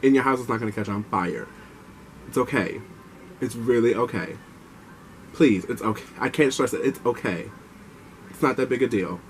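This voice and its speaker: A young man vlogging, telling a personal story in a chatty, animated way and giving advice straight to viewers. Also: mid-range voice, normal speed, long pauses, a little hiss or hum, rough recording.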